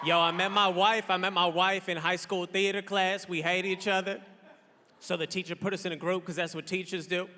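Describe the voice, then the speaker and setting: A man in his thirties doing a loud, playful stand-up comedy set on a large theater stage, acting out characters. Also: high-pitched, little pitch movement, fairly quick. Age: 30s. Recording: long hall reverb, crowd noise.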